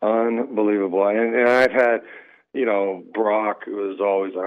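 A man calling in as a radio guest, telling stories in a relaxed way with lots of fillers. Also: lowish voice, unhurried. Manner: relaxed, storytelling, many fillers. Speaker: guest, former pro baseball player. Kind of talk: casual radio interview. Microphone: phone line. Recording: tinny phone line.

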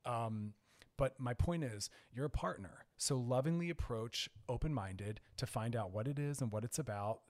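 A man of ordinary middle pitch hosts a radio advice hour. He talks frankly and earnestly, drawing firm lines while staying loose and conversational. He often trails into fillers as he coaches his listeners. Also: moderate pace, darkish tone. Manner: conversational with frequent "like" and "I don't know". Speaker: radio advice show host. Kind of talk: frank advice talk on air.

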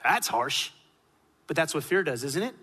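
Husky, bright-voiced male preacher. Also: on the high side, big pitch swings, normal speed. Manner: emphatic preaching, swinging from loud peaks to hushed drops. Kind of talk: sermon.

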